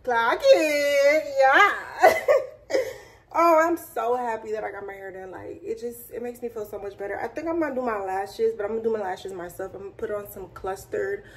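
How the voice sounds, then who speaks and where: A young woman vlogging in a chatty, excitable, slangy way, talking straight to her phone camera. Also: mid-range voice, quick pace, hardly any pauses. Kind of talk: casual chat to camera.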